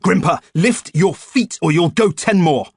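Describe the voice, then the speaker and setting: Brief: harsh army commander barking orders, high and loud, as a man puts him on. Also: a little slow, vocal fry, breathy edge, dry recording, studio quality, heavily acted. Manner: bellowing orders.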